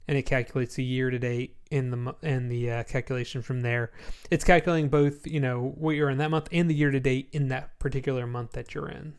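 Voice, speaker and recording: A man giving a casual screen-share walkthrough of a spreadsheet template, sleepy and yawning, relaxed and rambling with many ums. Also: medium pitch, clear, resonant tone.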